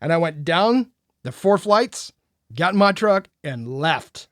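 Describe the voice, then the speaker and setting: A man's voice: on the high side, animated, takes it slowly, dry recording, clean studio sound. A man co-hosting a podcast, telling a story in casual chat and acting out the quoted lines with animation. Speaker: podcast co-host.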